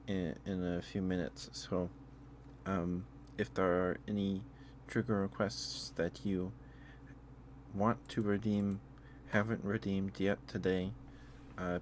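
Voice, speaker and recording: Young guy doing a chatty asmr stream, deep slow voice, keeps laughing n restarting, faint hiss behind. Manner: rambling, laughs often, many restarts. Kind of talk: soft-spoken ASMR live stream chat.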